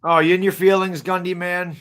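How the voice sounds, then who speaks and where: A man in his forties co-hosting a live sports stream, loudly trash-talking and teasing. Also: high-pitched, flat delivery, brisk. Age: 40s. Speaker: co-host.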